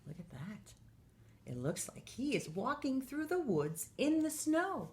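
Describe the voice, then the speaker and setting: Animated woman reading a picture book. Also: sits high, measured pace, slight background noise. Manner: animated, asks children questions. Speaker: teacher.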